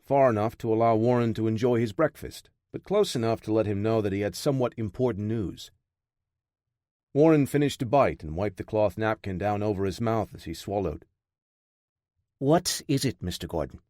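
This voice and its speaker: A man narrating a thriller audiobook in a steady, measured storytelling manner. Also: lowish voice, no echo, studio quality.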